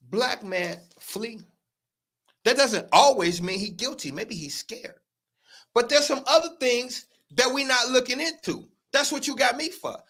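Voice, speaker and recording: Very high-voiced, heated man. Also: a bit bright. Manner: heated, profane, emphatic, repeats words. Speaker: show host. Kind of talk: livestream commentary.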